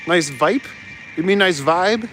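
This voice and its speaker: A man's voice: high-pitched, lively intonation, slow pace, sharp tone, slight background noise, poor audio. A man hosting a live stream while walking city streets at night, casually chatting and joking with viewers as he reads their messages aloud.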